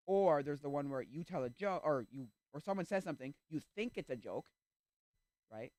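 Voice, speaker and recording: Male streamer, slightly high voice, animated and exasperated, chatty, dry close mic. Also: moderate pace, dry recording. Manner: animated, exasperated, acts out quoted reactions. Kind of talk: casual chat.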